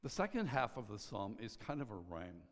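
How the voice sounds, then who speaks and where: Low-voiced preacher in a reverberant hall. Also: male voice, big pitch swings. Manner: earnest, pausing, drops to a soft hush on key lines. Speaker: pastor. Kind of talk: sermon.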